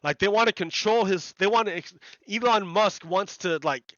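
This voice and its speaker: Heated male streamer, high bright voice, dry lo-fi mic; rambling, repetitive rant. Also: moderate pace, no echo. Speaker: video game streamer commenting on news. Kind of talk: casual rambling commentary.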